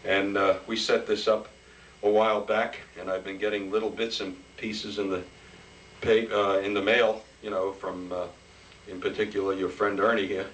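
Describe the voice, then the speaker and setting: A man's voice: fairly low pitch, flat delivery, normal speed, a bit bright. A man emceeing a retirement party roast with brash, joking banter. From New York. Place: party hall. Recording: distant noisy party recording.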